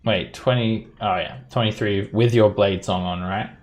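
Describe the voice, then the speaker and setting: A man running a tabletop game as dungeon master, narrating the action briskly and explaining the rules patiently. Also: fairly low pitch, steady tone.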